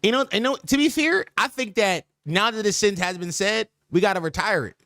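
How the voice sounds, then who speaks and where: A man's voice: high voice, fairly quick, bright, forceful tone, no echo, studio quality. A man hosting a podcast stream in casual chat, riffing with slang in a repetitive, joking, mock-sincere way. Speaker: podcast host.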